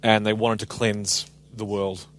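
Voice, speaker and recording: A man's voice: fairly low pitch, flat delivery, unhurried. A man with an Australian accent co-hosting a casual podcast, sarcastic and emphatic, swearing freely. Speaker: podcast co-host. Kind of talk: casual chat.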